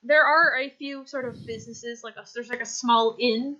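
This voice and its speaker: A woman's voice: on the high side, steady tone, normal speed, bright, forceful tone, muffled recording. A woman narrating a tabletop game as game master, rambling loosely with lots of fillers and restarts. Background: music.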